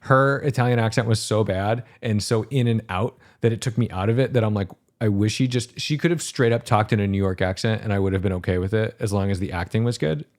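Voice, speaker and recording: Animated, low-voiced man chatting on a podcast. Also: fast, few pauses. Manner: animated, swearing, emphatic repetition. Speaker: podcast host. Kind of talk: casual chat.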